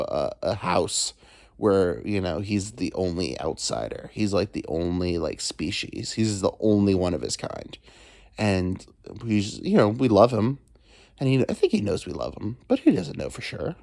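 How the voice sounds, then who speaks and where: A man's voice: on the low side, gravelly, a little mellow, dry recording, clean studio sound. A man hosting a solo podcast from home, rambling crudely with joking asides. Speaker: podcast host. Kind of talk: casual solo monologue. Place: alone at home.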